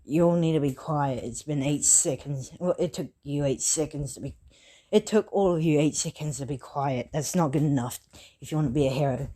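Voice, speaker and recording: A woman voicing a stern, weary male homeroom teacher in a retold fan story, in a flat scolding tone. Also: sits low, a little fast.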